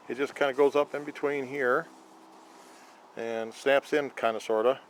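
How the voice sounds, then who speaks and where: A man filming a casual how-to vlog about his scooter, rambling and halting with lots of fillers. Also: medium pitch, darkish tone, slight background noise, poor audio. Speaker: vlogger showing a scooter horn install.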